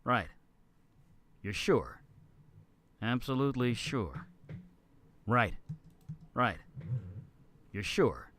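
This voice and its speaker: A game character whose lines come as separate voiceover takes, each one repeated. The delivery is unhurried, and the pitch rises and falls a lot. This is game dialogue played back during editing. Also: male voice, sing-song, a bit bright, a little hiss or hum, exaggerated voice. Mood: tense.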